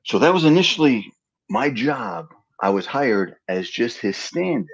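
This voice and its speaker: A man from Pennsylvania telling stories as an interview guest in a casual chat. He acts out the dialogue in his stories with lively voices. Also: medium pitch, a little slow, creaky, slightly rough, muffled recording. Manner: animated storyteller acting out quoted dialogue.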